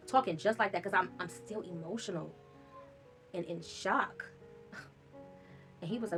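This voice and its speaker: A woman's voice: on the low side, measured pace, pauses often, fairly bright tone, faint music behind. A woman vlogger telling a personal story in a candid, casual way, swearing freely.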